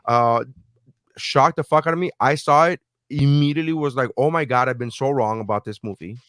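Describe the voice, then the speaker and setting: A man co-hosting a podcast in casual chat, ranting and swearing in an animated way. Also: medium pitch, fairly quick, no room sound. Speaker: podcast co-host.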